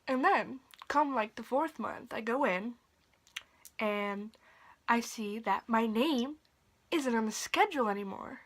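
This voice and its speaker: A young woman telling a story in a casual vlog from her bedroom at night, profane and animated, sometimes dropping to a whisper. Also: a little high, slow pace. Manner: drops to a whisper at times. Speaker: vlogger.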